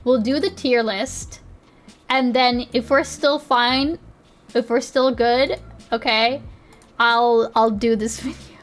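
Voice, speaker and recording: A woman's voice: on the high side, fairly even intonation, slow pace. A young woman streaming live, chatting casually in a giggly, rambling way with lots of restarts. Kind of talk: casual livestream chat.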